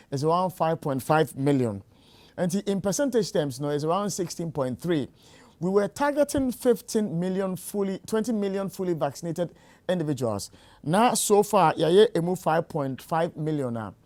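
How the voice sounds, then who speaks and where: A man's voice: fairly high pitch, a little mellow. A man with a Ghanaian accent hosting a radio talk show, asking probing questions and mixing Twi with English.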